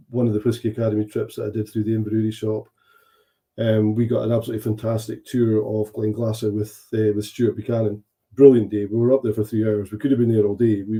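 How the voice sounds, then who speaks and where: A man, a whisky adviser, chatting casually as a guest with many pauses and restarts. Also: lowish voice, mellow, poor audio. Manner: hesitant, many ums and restarts. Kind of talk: casual chat.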